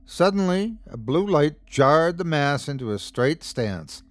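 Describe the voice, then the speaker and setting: A man hosting and narrating a horror story podcast in a dramatic, expressive scripted reading. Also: fairly high pitch, measured pace, dry recording. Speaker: host and narrator.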